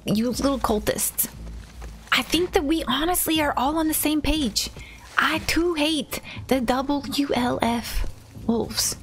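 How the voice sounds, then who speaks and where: A woman's voice: fairly high pitch, a little hiss or hum. A woman streamer giving casual commentary on her game and chatting with viewers. She often drops into a whisper while sneaking. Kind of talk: casual let's-play commentary.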